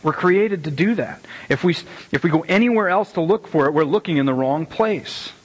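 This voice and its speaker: A middle-aged man preaching a casual, conversational sermon as pastor, animated and rambling, with many restarts and repeated words. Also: on the high side, normal speed, breathy edge, poor audio. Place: church sanctuary.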